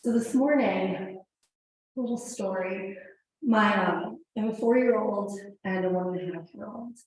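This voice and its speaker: Slightly hoarse woman in a very echoey studio. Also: mid-range voice, unhurried, a little hiss or hum. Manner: chatty, storytelling, many "like" asides. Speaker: yoga teacher. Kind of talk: casual class talk. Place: yoga studio. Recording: very echoey room with faint ambience.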